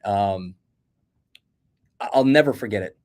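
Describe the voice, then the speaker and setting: A middle-aged American man telling blunt, animated stories as a guest in a casual chat. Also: fairly low pitch, unhurried. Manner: animated storyteller, blunt and combative.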